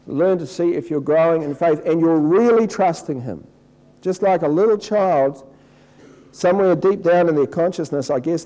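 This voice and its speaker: A middle-aged man preaching a sermon in a conversational way, acting out people's complaints in a higher, whiny voice. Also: dark tone, poor audio. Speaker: pastor.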